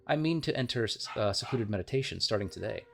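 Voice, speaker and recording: A man reads out a scheming demon sage, male and in command, in a fairly low, plain voice. He gives orders steadily, with the occasional stumble over the text. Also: expressive, quick pace, gravelly, a little hiss or hum. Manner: read aloud from on-screen lore with slips.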